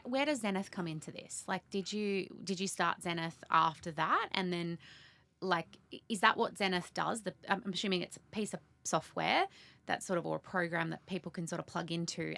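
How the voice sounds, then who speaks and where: Female podcast co-host, fairly low voice with fry, dry close sound, hedging and conversational. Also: normal speed, a bit bright, no echo. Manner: thinking aloud, hedging questions with fillers. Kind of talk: casual interview talk.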